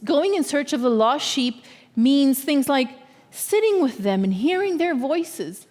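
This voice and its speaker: A woman giving a sermon as a guest speaker in a church, talking in an earnest, measured way and often checking in with her listeners. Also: fairly high pitch, a little mellow, long reverb tail. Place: church sanctuary.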